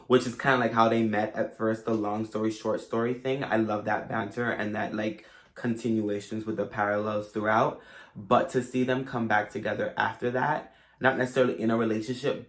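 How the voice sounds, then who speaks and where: A man reviewing a movie for his viewers in a casual, gushing, emotional way. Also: medium pitch. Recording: roomy echo.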